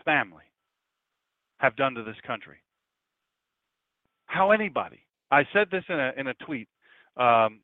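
A man's voice: a little high, dry recording. A man preaching an emphatic, fiery political sermon as pastor, now and then mimicking doubters. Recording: tinny phone-like radio broadcast.

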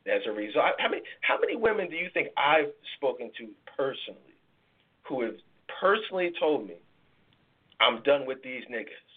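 A man's voice: on the high side, big pitch swings, a little fast, slightly rough. A man who hosts a podcast and works as a life coach, giving emphatic relationship advice, repeating words and explaining through analogies. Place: live podcast taping. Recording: tinny phone-like sound.

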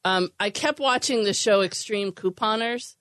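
Animated woman podcast co-host, dry studio sound. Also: medium pitch, moderate pace, no room sound. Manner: animated storyteller who mimics voices. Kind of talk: casual chat.

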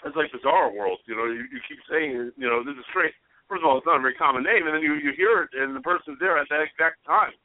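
A man's voice: fairly high pitch, fast talker, dry recording. Hesitant man on a dry, tinny line. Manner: hesitant, joking. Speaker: regular panelist. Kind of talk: casual chat. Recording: dry, tinny phone-like sound.

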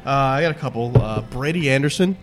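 A man who produces radio, talking as a podcast guest in a halting, hesitant way. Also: mid-range voice, animated, over loud music. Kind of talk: casual chat.

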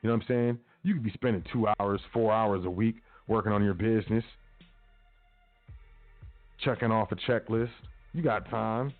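A man's voice: fairly low pitch, moderate pace, pauses often, faint music behind. Man preaching casually over a tinny line. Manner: casual, preachy, repetitive urging. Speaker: podcast host. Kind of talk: motivational talk. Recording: tinny phone-like audio.

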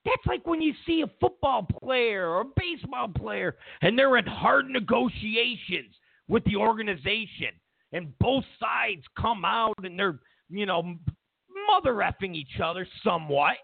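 A man's voice: high voice, animated, measured pace, creaky, breathy edge, dry recording. A man hosting a talk show, delivering a heated, mocking political monologue full of repeated phrases. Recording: tinny phone-like sound.

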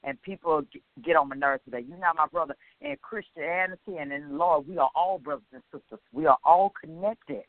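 A woman hosting a faith-based interview, talking in an emphatic, expressive way. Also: deep voice, brisk, dry recording. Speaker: radio show host. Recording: tinny phone line.

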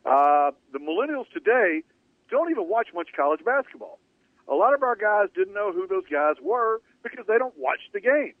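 Male sports talk host, high pitch, emphatic, rambling delivery; dry, narrowband radio sound. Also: very animated, normal speed, dry recording. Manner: emphatic, opinionated, rambling with restarts. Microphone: studio radio mic. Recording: dry phone-like radio audio.

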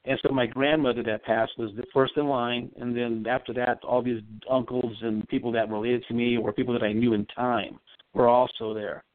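A man's voice: mid-range voice, little pitch movement, moderate pace, dry recording. A man, a psychic medium, telling a long personal story in a rambling, earnest way during a casual call-in interview. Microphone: phone. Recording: tinny dry phone line.

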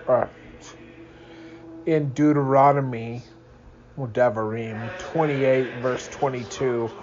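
A man's voice: mid-range voice, darkish tone, dull audio. A young man reading a religious book aloud at home in the early morning, tired and yawning, drifting into rambling asides. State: sleepy.

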